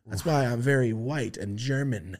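A man telling a long family story in casual podcast chat, profane and animated, putting on the voices of his relatives. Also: medium pitch, normal speed. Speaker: podcast host.

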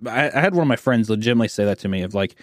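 A man's voice: fairly low pitch, lively intonation, very fast, no room sound, studio quality. A young man hosting a podcast, rambling through profane, jokey stories in casual chat. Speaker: podcast host.

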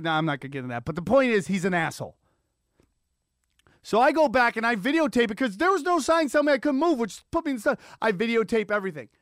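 Excitable, profane man ranting a story. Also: high voice, dry recording, clean studio sound. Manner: profane, excitable, acts out sirens and quoted voices. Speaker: podcast host. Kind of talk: animated solo storytelling rant. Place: Los Angeles area.

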